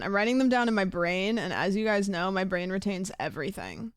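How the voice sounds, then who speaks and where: A woman's voice: mid-range voice, expressive, a little fast, clean tone, dry recording, clean studio sound. A young woman streamer chatting casually and rambling with her live viewers, thanking them for gifts.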